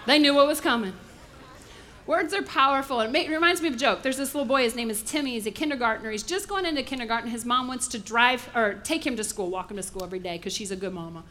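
A woman pastor preaching a sermon, lively and theatrical, acting out little voices as she tells stories. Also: fairly high pitch, fast talker, a little hiss or hum. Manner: animated preaching, acts out voices in asides.

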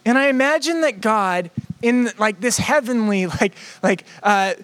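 A man preaching a sermon in a conversational, playful way, moving between quick asides and slow, emphatic phrases. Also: high-pitched, fairly bright tone, no echo. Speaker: pastor.

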